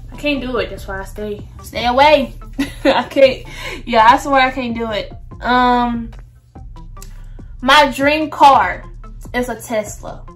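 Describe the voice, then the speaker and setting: A woman's voice: a little high, fairly bright tone. Chatty woman vlogger, raised voice. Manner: chatty, addresses viewers as "y'all". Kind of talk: casual get-to-know-me chat.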